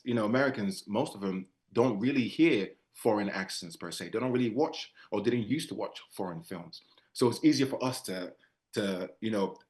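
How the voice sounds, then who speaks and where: A man who grew up in England and Nigeria, an actor talking about his villain role in a relaxed, soft-spoken way, often repeating words. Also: fairly low pitch. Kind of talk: press junket interview.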